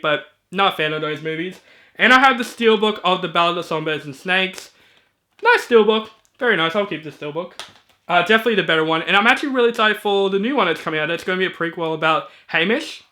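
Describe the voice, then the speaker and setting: A man reviewing movies in a casual video, chatty and enthusiastic, with filler ums and quick asides. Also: on the high side, sharp tone. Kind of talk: casual collection walkthrough.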